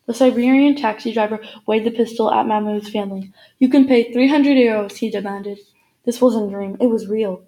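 A woman reading a novel aloud as narrator, in a steady storytelling manner. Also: fairly high pitch, a little hiss or hum, rough recording. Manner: steady storytelling with small slips.

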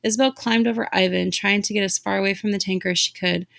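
Gravelly-voiced woman reading a novel aloud. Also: steady tone, fast. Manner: dramatic reading, raising pitch for shouted lines. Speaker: reader.

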